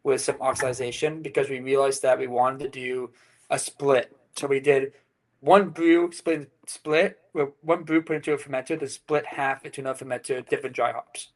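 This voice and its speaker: A man's voice: mid-range voice, steady tone, moderate pace. A man from England, a brewery co-founder, chatting as a podcast guest, rambling with lots of "you know" and "like". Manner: rambling, many fillers and restarts. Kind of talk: casual interview chat.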